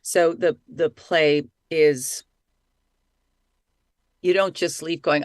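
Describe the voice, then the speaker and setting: A middle-aged woman, an actress and voice-over artist, chatting excitedly in an interview. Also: low-pitched, slow, long pauses, dry recording, studio quality. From Italy. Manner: lively, talkative, excitable. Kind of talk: casual interview chat.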